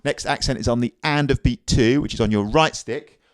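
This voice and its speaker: A man giving a casual, upbeat drum lesson on video, chatting easily and counting rhythms out loud. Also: mid-range voice, fairly quick, soft background music. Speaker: drum teacher. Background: drum kit playing.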